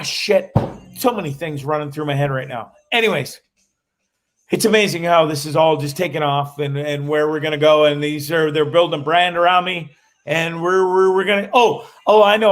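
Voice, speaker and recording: A man with a high voice chats on his livestream from a cottage while he is traveling. He rambles and swears as he tells stories, and he often breaks off and restarts his sentences. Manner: profane, rambling storyteller with many restarts. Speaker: livestream host.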